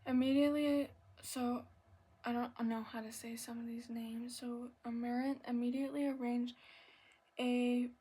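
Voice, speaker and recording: Breathy soft-spoken woman reading ASMR. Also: a little high, little pitch movement, normal speed. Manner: soft reading with stumbles and apologies, slipping into whispers. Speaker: ASMR channel host.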